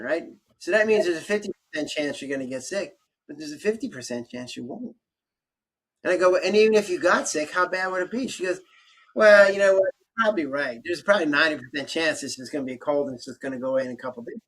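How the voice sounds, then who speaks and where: A man's voice: on the high side, rough recording. A man on a podcast explaining stress coping tools and acting out both sides of conversations as he tells stories. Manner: animated storytelling, acts out both sides of conversations. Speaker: podcast guest doctor.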